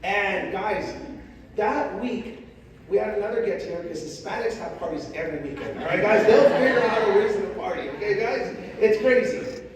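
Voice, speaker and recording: A man's voice: sits high, moderate pace. A middle-aged man giving an emphatic motivational speech on stage to a large audience and getting the crowd to repeat lines after him. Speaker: motivational speaker. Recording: echoey hall, distant mic, crowd.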